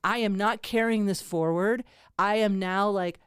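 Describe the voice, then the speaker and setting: A woman hosting a casual podcast chat, laughing easily and using casual slang with quick interjections. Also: mid-range voice, steady tone, smooth, no echo, clean studio sound. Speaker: podcast host. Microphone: studio mic.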